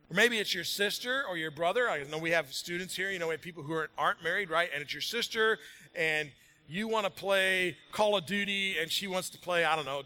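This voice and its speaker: A man's high-pitched, pushed and bright voice carries through a large room as he preaches to his congregation. This pastor keeps things conversational and jokey, builds up energy, and eventually settles into a scripture reading.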